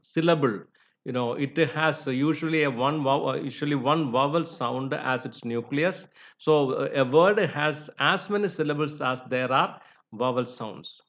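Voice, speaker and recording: A man teaching English phonetics in a lecture, explaining slowly with frequent "you know" fillers and spoken examples. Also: on the high side, a bit bright. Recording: dull lo-fi recording.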